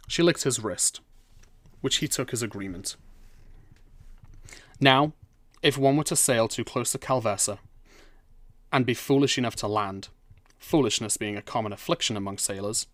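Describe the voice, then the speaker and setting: A man's voice: medium pitch, normal speed, pauses often, fairly bright tone, no room sound. A man reading a fantasy story aloud in a dry, wry storytelling manner. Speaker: narrator. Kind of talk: scripted storybook narration.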